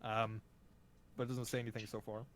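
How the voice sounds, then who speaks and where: A man's voice: on the low side, little pitch movement, normal speed, a little hiss or hum. A man narrating as game master of a tabletop game, casual and full of ums and asides.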